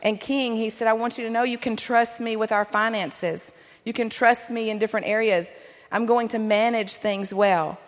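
A middle-aged woman giving a sermon-style talk to a men's conference, earnest and encouraging, with lively asides. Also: on the high side, moderate pace. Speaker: pastor's wife speaking at a men's conference. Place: large hall. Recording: long hall reverb.

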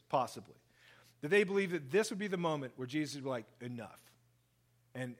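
A man preaching a sermon, reading scripture and explaining it in an animated way, acting out the quoted speech. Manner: animated, acts out quoted speech, lively shifts in pitch and volume. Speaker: pastor. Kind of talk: sermon, Bible reading and commentary.

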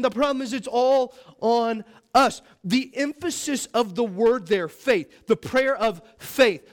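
Young male pastor, high voice, earnest sermon, emphatic, checks in with "okay?". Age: young adult. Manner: earnest, emphatic, with frequent "all right?" and "okay?" check-ins.

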